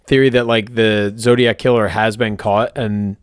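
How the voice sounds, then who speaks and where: A man's voice: on the low side, level tone, normal speed, smooth, no echo, clean studio sound. A man, a comedian, chatting casually on a podcast in an offhand, self-mocking way.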